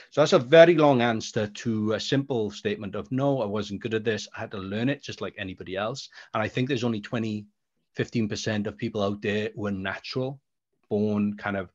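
Low-voiced man coaching on public speaking. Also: highs cut off. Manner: deliberate pauses between words; rambling storyteller. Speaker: speaker coach and creative producer. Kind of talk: answering a question in an online talk. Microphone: video call.

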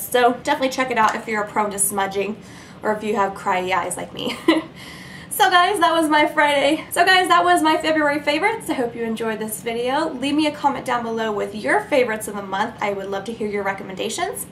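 A woman's voice: fairly high pitch, a little hiss or hum. A pregnant young woman reviewing her makeup favorites to camera, chatting in a bubbly, giggly, rambling way. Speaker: beauty vlogger.

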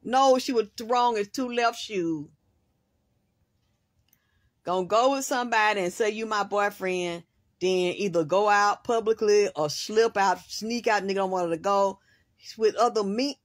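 A woman rambling through an excitable monologue, swearing freely and running one thought into the next. Her voice sits in a middle range and sounds dry and close. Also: mid-range voice, measured pace, dry recording. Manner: excitable, swears freely, talks in long run-ons. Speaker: host, spiritual reader.

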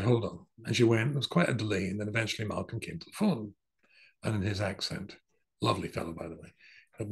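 A rabbi with a lowish voice and vocal fry speaks fairly quickly, telling a long personal story that rambles through anecdotes, asides, and restarts. The recording is low quality.

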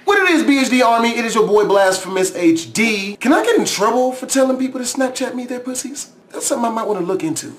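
High-voiced crude young man reacting to clips. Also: expressive, fast, few pauses. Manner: crude, laughs often, loud outbursts. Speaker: YouTube reaction host. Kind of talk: casual comedy reaction. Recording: echoey room with background noise.

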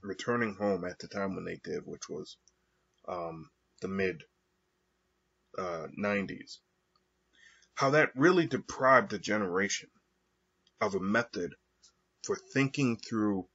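A man talking through his thoughts alone in a slow, halting monologue with frequent pauses and fillers. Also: deep voice, gravelly, fairly bright tone, breathy edge. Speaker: podcast host. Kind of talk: reflective monologue. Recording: dull lo-fi recording.

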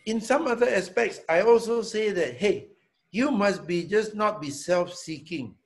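In a Q&A talk, a man with a high voice, a hotel owner, fields questions from students, speaking deliberately and emphatically. He frequently tosses in a quick "yeah?" and repeats words to stress them.

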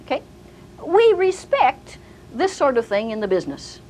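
A woman's voice: high voice, moderate pace, slight background noise, rough recording. An older woman teaching a sermon, telling stories and acting out the voices of the people in them. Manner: animated storyteller, acting out quoted voices. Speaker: Bible teacher.

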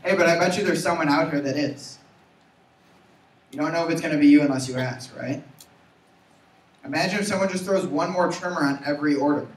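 A young man giving an energetic motivational sales talk, urging his audience to repeat after him. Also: fairly high pitch, brisk, pauses often. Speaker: sales trainer. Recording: roomy, from far off.

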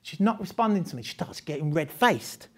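A man's voice: fairly high pitch, animated, brisk, husky. A man leading a live training session for teachers, talking conversationally with rhetorical questions and frequent laughs.

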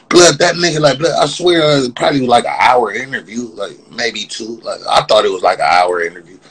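A man ranting casually on his vlog, repeating the same slang and laughing as his voice jumps up when he gets animated. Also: medium pitch, normal speed, breathy edge, poor audio. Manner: repetitive, profane, keeps saying "blood". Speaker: vlogger.

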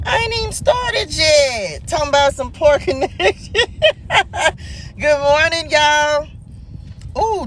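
A woman's voice: sits high, fairly bright tone, slight background noise. A woman hosting a casual live spiritual morning message from her car on a phone stream. She is exuberant, laughs often and greets viewers by name. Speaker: spiritual livestream host. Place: sitting in a car.

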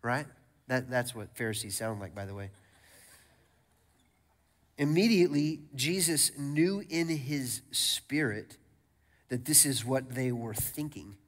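A man preaching a sermon as pastor, energetic, repeating words and calling out to the congregation. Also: medium pitch, unhurried, long pauses. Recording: long church hall reverb.

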